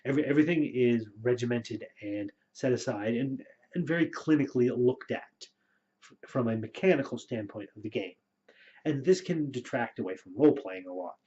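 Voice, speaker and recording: Casual male storyteller, mid pitch, lo-fi muffled sound, chatty and filler-heavy. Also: fairly quick. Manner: relaxed, rambling with frequent fillers. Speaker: storyteller and game master. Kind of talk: casual spoken advice video. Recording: dull lo-fi recording.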